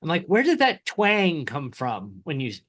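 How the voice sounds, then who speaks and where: Man, 30s, from Indiana, Midwestern accent, podcast co-host, casual chat, lively pitch, chatty. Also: normal speed. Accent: Midwestern American. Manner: animated, chatty, laughs often.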